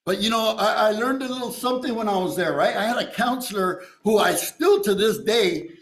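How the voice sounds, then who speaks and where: A man's voice: high voice, brisk, fairly bright tone, echoey room, low-quality recording. A man sharing his recovery story at a meeting, streetwise and profane, tossing in "you know" and "right?". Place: meeting room.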